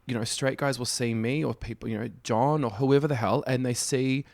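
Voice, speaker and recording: A man in his thirties, a podcast guest in casual chat, animated, swearing freely and often laughing as he tells stories. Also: medium pitch, a little fast, vocal fry, no room sound.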